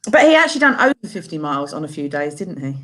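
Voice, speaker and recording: A woman with a somewhat low voice, chatting on a video call for a charity. She sounds enthusiastic and keeps offering praise. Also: big pitch swings, rapid-fire, a bit bright, rough recording. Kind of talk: casual chat on a video call.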